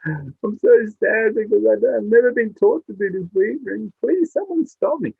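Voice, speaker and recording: A man's voice: high-pitched, animated, moderate pace, vocal fry, slightly rough, dry recording, pitched above the performer's own voice, full character voice. A man doing a sad, pleading little bird. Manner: pleading, whiny. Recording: tinny phone-like sound.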